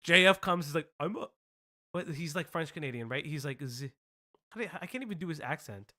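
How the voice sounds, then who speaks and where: A man's voice: on the high side, lively intonation, fairly quick, pushed and bright. A man hosting a casual commentary stream, rambling, laughing often and swearing.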